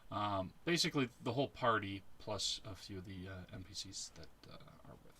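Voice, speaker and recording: A man narrating a tabletop game as its game master in a slow, measured way. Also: lowish voice, sharp tone, a little hiss or hum.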